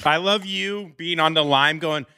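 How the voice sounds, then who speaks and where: A young man from St. Louis co-hosting a casual podcast, playful and quick to laugh. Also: a little high, bright, forceful tone, smooth, no echo, clean studio sound. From St. Louis, USA. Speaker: podcast co-host. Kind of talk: casual chat.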